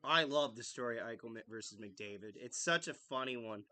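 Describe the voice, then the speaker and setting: A young man hosting a casual live hockey podcast, chatty and excitable. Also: mid-range voice, moderate pace. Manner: chatty and excitable, jokes with a friend. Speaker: podcast host. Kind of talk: casual live game-watch chat.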